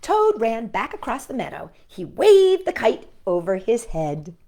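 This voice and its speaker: A woman hosting a children's storytime, reading a storybook aloud in a gentle, expressive, child-directed way. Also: on the high side, unhurried.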